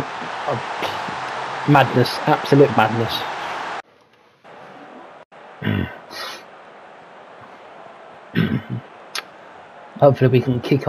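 A man plays a football management game and commentates casually over a noisy background, his voice medium in pitch. He calls out player names, reasons through tactics out loud and mutters his own worries.

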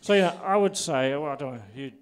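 A man's voice: on the high side, fairly quick, clear, resonant tone. A man from England on a live comedy talk show, teasing and firing off eager questions. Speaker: comedy guest. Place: bar venue with live audience.

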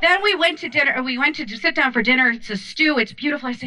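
A woman's voice: high-pitched, fast talker, few pauses. A woman performing a stand-up comedy set on a club stage, telling stories animatedly into a handheld mic. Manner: animated storytelling with many voices.

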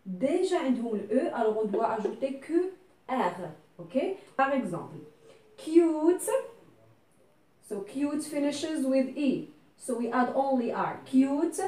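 A woman's voice: high-pitched, warm tone. Teacher-like woman. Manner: patient, explains step by step, keeps checking "okay?"; switches into French and Arabic to explain. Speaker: English teacher. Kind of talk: classroom grammar lesson. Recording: echoey room, voice from a distance.

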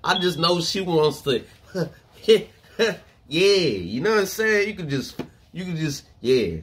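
A man hosting a reaction video, commenting on a clip in a loud, profane, laughing way. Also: a little high, sing-song, slow, a little hiss or hum.

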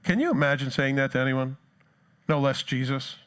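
A man's voice: medium pitch, moderate pace, a bit bright. A man from New Jersey with a New Jersey accent, preaching a sermon in a conversational, self-deprecating way and acting out the disciples' cries. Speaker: pastor.

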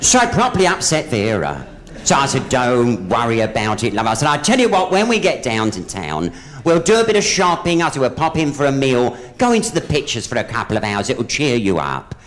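Chatty stand-up comic, very lively pitch. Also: male voice, fairly quick. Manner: chatty gossipy storyteller, hops in and out of voices for each character. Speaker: stand-up comedian. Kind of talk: live stand-up joke telling. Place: theatre stage with a live audience.

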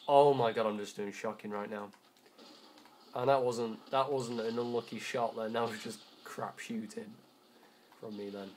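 A man's voice: on the low side, level tone, a little slow, a little hiss or hum. A teenage boy commenting on his gameplay, rambling and correcting himself, easily frustrated. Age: teens. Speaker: gamer.

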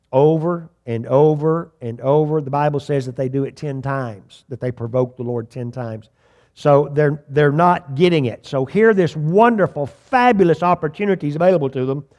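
High-voiced man preaching a sermon. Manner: dramatic storytelling, with sudden swings between loud bursts and quiet asides; repeats words when starting sentences. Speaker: pastor.

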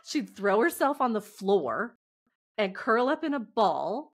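A woman co-hosting a podcast, talking in expressive casual chat with frequent exclamations. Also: medium pitch, normal speed. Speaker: podcast co-host.

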